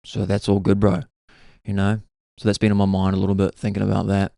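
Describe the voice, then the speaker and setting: A man's voice: fairly low pitch, monotone, brisk, creaky, warm tone, dry recording, clean studio sound. A young man, hosting a podcast and musing through a laid-back, self-mocking comic monologue. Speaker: podcast host.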